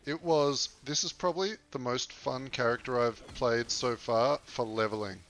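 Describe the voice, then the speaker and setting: A man's voice: medium pitch, moderate pace, a bit bright, slight background noise. A young Australian man with an Australian accent chatting casually while streaming a game, loose and laid-back, swearing now and then. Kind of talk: casual livestream gaming commentary.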